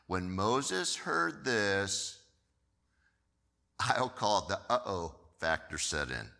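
Lively male preacher with a bright edge. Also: lowish voice, slow pace, vocal fry, in a large hall. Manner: animated storytelling with repeated words. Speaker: pastor. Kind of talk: sermon.

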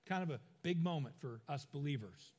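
High-voiced pastor telling stories. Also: male voice, lively intonation, fairly quick, a little mellow, long reverb tail. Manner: storytelling with humorous asides; acts out quoted lines in voices. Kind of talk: sermon.

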